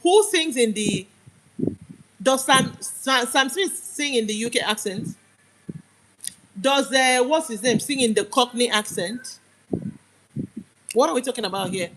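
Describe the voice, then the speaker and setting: A woman's voice: a little high, expressive, measured pace, long pauses, fairly bright tone, slight background noise, low-quality recording. A young Nigerian woman with a Nigerian accent, ranting on a live stream in an emphatic, argumentative way and hammering her points home. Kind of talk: heated live-stream rant.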